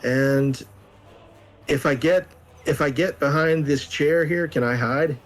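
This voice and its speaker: A man playing a tabletop game, thinking aloud in halting, casual talk about his moves. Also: a little high. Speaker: player.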